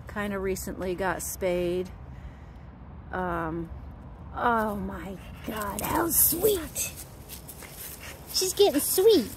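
High-pitched woman trainer cooing at dogs, slow and swoopy. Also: a little hiss or hum. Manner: excited, gushing, talks to the dogs in a sing-song voice. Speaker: dog trainer. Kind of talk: casual commentary on dogs playing.

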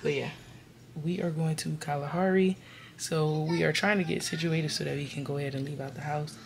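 Chatty lady vlogging from the car, laughs a lot, loud noisy phone audio. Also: sits low, fairly even intonation, a little fast, creaky. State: out of breath. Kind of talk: casual family vlog. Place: car on the road.

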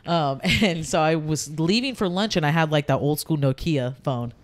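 A woman in her thirties with a deep voice talks at a normal speed. As a podcast guest, she candidly tells a personal story in casual conversation, using lots of fillers.

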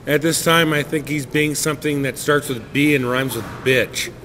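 A man's voice: on the high side, normal speed, sharp tone. A middle-aged man narrating a casual vlog from behind his camera, teasing friends in a mock-formal, playful way. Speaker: vlogger filming friends. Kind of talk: casual joking vlog commentary. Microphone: handheld camera. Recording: noisy handheld camera audio.

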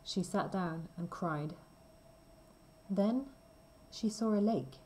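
A woman reading a simple storybook aloud slowly and clearly for language learners. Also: fairly low pitch, darkish tone, poor audio. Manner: careful, deliberate reading. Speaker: reader.

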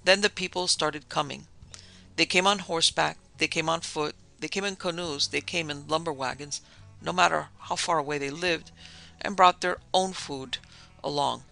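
A man's voice: a little high, normal speed, creaky, sharp tone, soft background music. A man narrating a vintage first-person tale as a podcast storyteller, lightly voicing the dialogue.

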